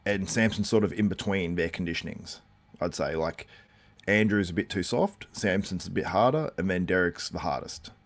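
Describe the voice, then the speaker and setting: A man with a notably deep, low voice hosts a live watchalong. He talks in a loose, rambling way, full of fillers, and keeps breaking off to answer viewers' comments. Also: moderate pace. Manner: chatty, reacts to viewer comments. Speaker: host.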